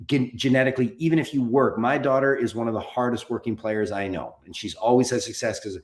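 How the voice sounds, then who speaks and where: A man's voice: mid-range voice, quick pace. A man in his forties, a podcast guest, talking candidly and rambling a bit, swearing casually. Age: 40s. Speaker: podcast guest, documentary producer. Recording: roomy echo.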